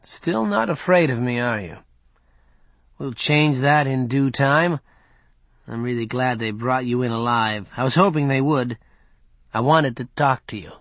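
A man reading an audiobook, voicing a scheming male warlord who taunts with measured threats. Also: medium pitch, fairly bright tone, dry recording. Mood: taunting.

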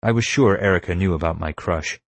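A man with a deep, low voice reads an audiobook in a wry, measured way. The recording is close and dry, with no room sound. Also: no room sound. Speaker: narrator. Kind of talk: audiobook narration.

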